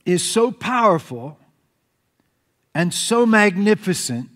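Man, pastor, animated sermon, long church reverb. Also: sits high, slow pace. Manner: animated storytelling preacher, acts out crowd shouts. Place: church sanctuary.

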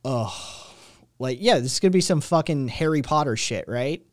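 A man's voice: mid-range voice, lively intonation, moderate pace, no echo, clean studio sound. A young adult man hosting a stream, ranting casually with lots of swearing and rambling restarts. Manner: profane, rambling, exasperated. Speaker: stream host.

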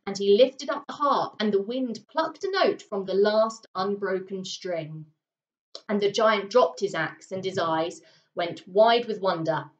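A woman teacher reads a children's story aloud with expressive, dramatic pauses. Her pitch sits mid-range, and the recording is roomy and slightly dull. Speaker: primary school teacher.

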